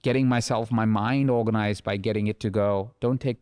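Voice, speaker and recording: A man hosting a conversation, musing thoughtfully and picking up on his guest's points. His voice sits fairly low. The sound is close and dry. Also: fairly even intonation, brisk, a little mellow, clean tone, no echo. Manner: reflective, builds on guest's ideas. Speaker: host. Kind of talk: conversational interview.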